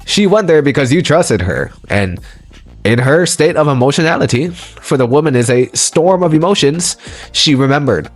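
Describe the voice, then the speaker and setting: A man's voice: a little high, lively intonation, a little slow, soft background music. A man giving a motivational audio lecture, emphatic and preachy, repeating his points for stress. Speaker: lecturer on relationships.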